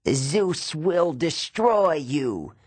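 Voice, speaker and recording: A menacing female Fury with a Southern drawl, as a man puts her on, drawing each threat out slowly. Her voice has a husky grain and sits dry and close, as in a storybook reading. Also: a little high, sing-song, dry recording, voice pushed up, heavily acted. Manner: slow, drawn-out, threatening. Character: menacing female Fury, demon in teacher form.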